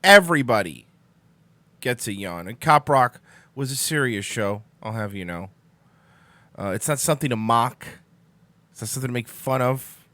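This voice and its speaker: A man's voice: mid-range voice, moderate pace, long pauses, bright, forceful tone, no room sound. A young man hosting a casual morning live stream, rambling and sarcastic, sleepy and yawning, swearing as he answers the chat. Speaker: host of a live-streamed morning talk show.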